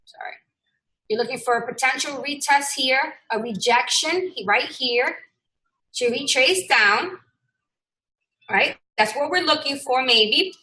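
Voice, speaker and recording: Brash woman instructor with a high, bright voice, casual blunt lesson delivery. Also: rough recording. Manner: brash and blunt, swears freely; swings between loud bursts and muttering. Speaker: trading instructor. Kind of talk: casual screen-share lesson.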